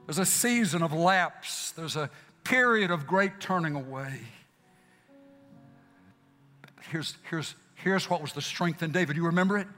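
A man preaching a sermon, repeating phrases for emphasis and swinging from loud exclamations down to hushed whispers. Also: sits high. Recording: long hall reverb with faint music.

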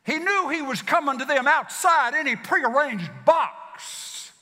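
A man preaching a sermon, swinging between loud declarations and hushed passages, in a folksy manner. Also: very high voice, animated, unhurried. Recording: long hall reverb.

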